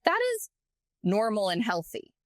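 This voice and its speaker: A woman co-hosting a podcast, chatting casually and telling a story in an animated way with lots of filler words. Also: mid-range voice, measured pace, no room sound, studio quality. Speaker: podcast co-host. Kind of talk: casual chat.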